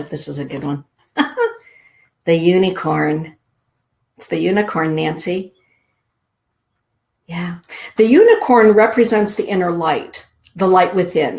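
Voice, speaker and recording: A middle-aged woman hosting a spiritual show, giving card readings to listeners in a soft, slow, drawn-out inspirational way. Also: on the low side. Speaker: show host and card reader.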